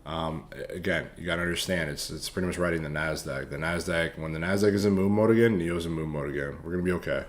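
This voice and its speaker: A man's voice: deep voice, quick pace, hardly any pauses. A man casually reviewing stock charts for viewers, loose, profane and hyped up. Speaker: stock trading streamer.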